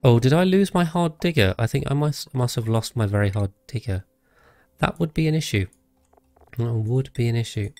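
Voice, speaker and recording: A man offers casual live commentary while streaming a game, thinking out loud and talking with viewers. His mid-range voice is expressive and darkish at a moderate pace, with no echo.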